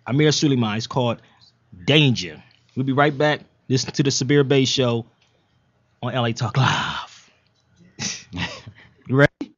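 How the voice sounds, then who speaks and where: A man's voice: mid-range voice, unhurried, long pauses, fairly bright tone, no room sound. A man hosting an internet talk radio show, chatting casually and enthusiastically with loose slang. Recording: dull lo-fi internet radio stream.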